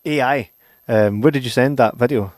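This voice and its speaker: A man's voice: mid-range voice, moderate pace, a little mellow, no echo. Sweary Scottish man, dry close mic. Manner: sweary, laughs often, drops to a mutter. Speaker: podcast co-host. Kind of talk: casual podcast chat.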